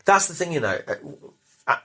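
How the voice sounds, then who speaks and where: A middle-aged man chatting as a podcast guest, telling stories with loud bursts and quiet asides. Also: fairly high pitch, very animated, fairly quick. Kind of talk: casual chat.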